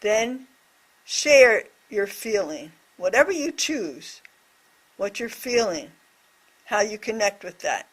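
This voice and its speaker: A woman voicing a deaf presenter's signed reflection on a scripture story, speaking in short, measured phrases. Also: mid-range voice, sing-song, breathy edge.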